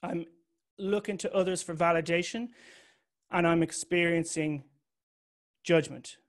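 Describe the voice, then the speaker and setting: A young man giving a candid, confessional talk to an audience, swearing casually. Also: on the high side.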